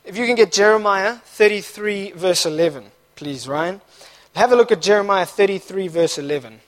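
A young man preaching a sermon at a church service, impassioned, dropping quiet and then rising to shouts. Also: sits high, lively intonation, moderate pace. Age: young adult.

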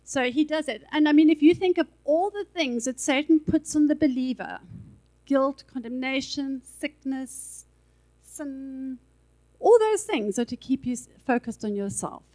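High-voiced woman preaching casually. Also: expressive, a little slow, darkish tone, poor audio. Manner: conversational, chatty preaching with asides and filler words. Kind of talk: sermon. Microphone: handheld microphone.

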